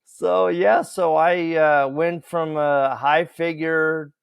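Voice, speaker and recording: A man telling a story as a podcast guest, animated, acting out the dialogue and laughing along the way. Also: a little high, takes it slowly, gravelly, clear, resonant tone. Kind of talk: casual storytelling.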